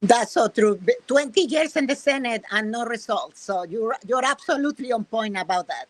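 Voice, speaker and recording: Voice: mid-range voice, expressive, moderate pace, no room sound. A podcast host interviewing a guest, chiming in with brief, eager agreement.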